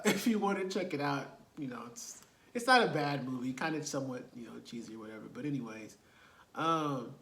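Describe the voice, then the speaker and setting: Guy retelling a movie, laughing at it, kinda high voice, roomy echo. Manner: animated, laughing retelling with rhetorical asides. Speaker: movie reviewer. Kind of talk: casual movie recap.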